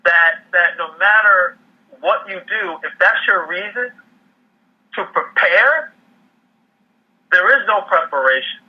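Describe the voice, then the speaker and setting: A man's voice: high voice, lively intonation, slow, pauses often, husky. A man speaking as a guest economic commentator in a casual interview, often repeating and restarting his words. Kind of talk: casual interview over a call. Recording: muffled phone-line audio.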